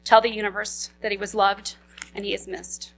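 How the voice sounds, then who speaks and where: A young woman speaks at a memorial service and reads a eulogy for her father. Her voice has a gravelly edge at an ordinary pitch, and she keeps it steady while holding back grief. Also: normal speed, noisy background. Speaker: daughter giving a eulogy.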